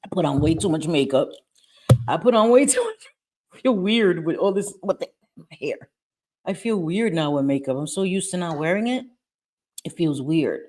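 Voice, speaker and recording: A woman with a lowish, slightly mellow voice hosts a casual livestream chat into her webcam mic, speaking at a normal pace with lively intonation and long pauses. She's blunt, swears freely, repeats herself, and laughs a lot.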